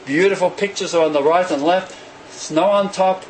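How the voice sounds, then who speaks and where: A man preaching a sermon in an animated way, often acting out the voices of the people he quotes. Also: high voice, moderate pace, slight background noise, low-quality recording.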